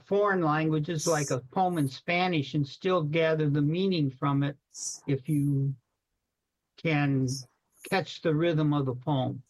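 Slow, thoughtful woman from Detroit. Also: low voice, low-quality recording. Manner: unhurried, thoughtful, with fillers. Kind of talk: casual chat.

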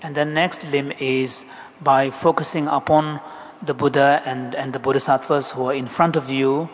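A man's voice: mid-range voice, fairly even intonation, moderate pace. A man interpreting a Buddhist teaching, hesitant, with many ums and uhs. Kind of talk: interpreting a dharma talk. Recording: long hall reverb, faint noise.

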